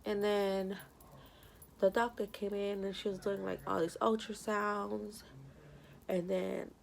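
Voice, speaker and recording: A young woman talks casually while doing her makeup, rambling from one thought to the next with plenty of fillers. Her voice is strongly gravelly, full of fry, and her pitch sits in a middle register. There is a faint hiss of noise behind her. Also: flat delivery, slow. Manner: rambling, many "you know" fillers; emotional, tearful at times. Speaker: vlogger.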